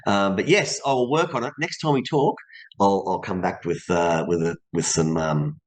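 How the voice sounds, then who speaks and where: A man's voice: deep voice, moderate pace. An Australian man, a voice actor being interviewed, talking in a loose, rambling way and laughing easily. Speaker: voice actor guest. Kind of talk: casual interview chat.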